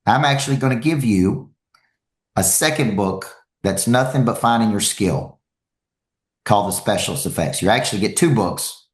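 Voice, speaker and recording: A man giving a motivational talk to an audience as a coach, telling stories with lively energy and repeating phrases for emphasis. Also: fairly low pitch, moderate pace, echoey room.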